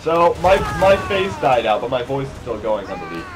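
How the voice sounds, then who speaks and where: Excitable man narrating gameplay over music. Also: medium pitch, moderate pace. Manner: excitable, frustrated outbursts and shouts. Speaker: let's play gamer. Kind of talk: casual gameplay commentary. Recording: game music loud behind voice. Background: game music.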